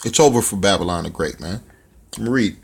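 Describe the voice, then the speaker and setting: A man's voice: deep voice, expressive, brisk, vocal fry, breathy edge. A man preaching bluntly with profanity, reading scripture aloud and commenting on it, often tacking "man" onto his phrases. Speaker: religious teacher.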